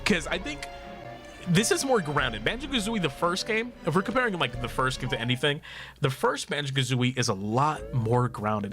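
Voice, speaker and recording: A man's voice: a little high, big pitch swings, moderate pace, fairly bright tone. A young man chatting casually while streaming a video game, joking, laughing often and swearing. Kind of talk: casual gameplay livestream chat. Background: game music.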